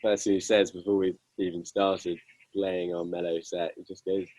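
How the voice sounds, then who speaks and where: A young man with a deep, husky voice tells rambling, self-mocking stories about his band's gigs. He is heard up close with a dry sound and no room echo. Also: level tone, moderate pace, darkish tone. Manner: self-deprecating, amused, rambling with many fillers. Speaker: guitarist guest. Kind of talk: casual interview storytelling.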